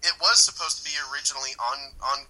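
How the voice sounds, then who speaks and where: Bright-voiced man ranting with profanity. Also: a little high, very fast, rough recording. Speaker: podcast co-host. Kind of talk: casual podcast chat.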